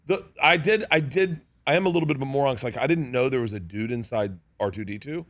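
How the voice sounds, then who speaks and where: A comedian telling lively stories in a studio interview, laughing and acting out the other people in them. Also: male voice, medium pitch, quick pace, no echo. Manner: animated, laughing, acts out voices in his stories. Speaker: comedian guest. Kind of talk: casual storytelling interview.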